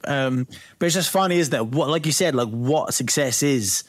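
A man hosts an interview in a mid-range voice, moving between animated stories and probing questions. The recording is dry and close, with no room around it. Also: medium pitch, moderate pace, dry recording. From England. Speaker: podcast host. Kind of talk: casual interview chat.

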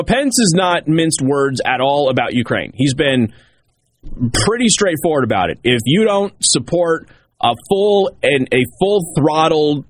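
A male talk show host with a medium-pitched voice gives political commentary emphatically, repeating key points to drive them home. There's no echo.

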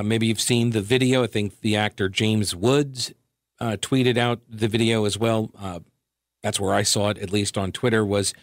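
A man's voice: lowish voice, dry recording, clean studio sound. A man from New York hosting a political talk radio show, delivering a sarcastic, conversational monologue full of asides and self-corrections.

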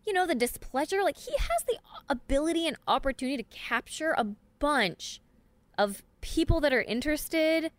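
A woman co-hosting a casual sports chat, animated and laughing often, with lots of fillers. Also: high voice, normal speed, no room sound. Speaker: podcast co-host.

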